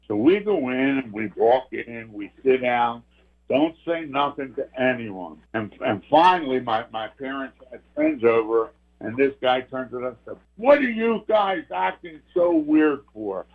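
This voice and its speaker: A man's voice: mid-range voice, lively intonation, unhurried. An older man, earnestly telling a personal ghost story as a caller. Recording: tinny phone line.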